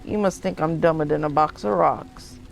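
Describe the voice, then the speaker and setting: A woman's voice: sits low, moderate pace, gravelly, faint music behind, voice pushed down. A woman playing a blunt, fed-up 1940s wife. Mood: furious. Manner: folksy, blunt and exasperated.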